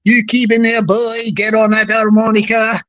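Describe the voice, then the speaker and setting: Woman voicing a trilling, encouraging old Southern man, pitched fairly high, dry close sound. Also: little pitch movement, normal speed, fairly bright tone, no echo, natural voice. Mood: hollering encouragement. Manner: hollering encouragement.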